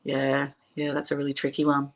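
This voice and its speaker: An Australian woman hosting a casual chat, talking in an animated way and often trailing off mid-sentence. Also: a bass voice, a little fast. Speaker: host.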